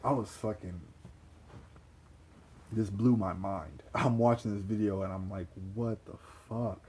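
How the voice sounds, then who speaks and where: A young man with a fairly low voice tells a personal story in a loose, animated way, swearing freely and circling back over the same phrases. He laughs between thoughts. A faint hum sits under the recording. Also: measured pace. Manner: animated, profane, repeats phrases, frequent laughs and gasps. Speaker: vlogger.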